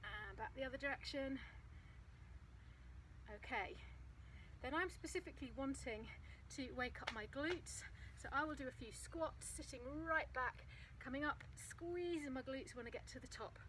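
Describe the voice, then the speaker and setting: A woman recording a casual fitness vlog outdoors on her phone, chatting practically while she demonstrates a running warm-up. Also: high-pitched, normal speed, a little hiss or hum, rough recording. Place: outdoors on a path. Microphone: phone propped on a ledge.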